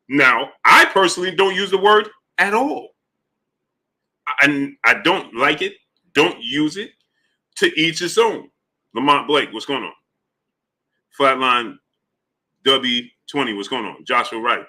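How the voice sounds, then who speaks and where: A man with a very bright, forceful tone hosts a boxing live stream at a middle pitch. He greets chat viewers by name and builds his points with emphatic, repeated questions. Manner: shouts out chat names between points, rising emphatic questions. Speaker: boxing channel host.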